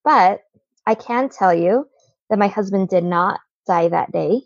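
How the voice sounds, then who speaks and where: A woman's voice: medium pitch, a little slow, gravelly, no echo. A woman in her thirties, a podcast guest, earnestly telling a personal story and often checking in with "right?". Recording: dull lo-fi dry audio.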